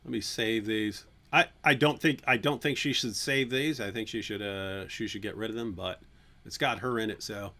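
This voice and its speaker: A man hosting a livestream, chatting casually in an animated, playful way and often restarting his sentences. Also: lowish voice, normal speed. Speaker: channel host.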